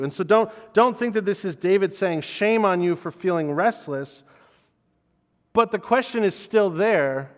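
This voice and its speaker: A man's voice: high-pitched, animated, a little slow, big-room sound. A man preaching a conversational sermon as pastor, earnest and personal, often repeating words as he restarts a thought.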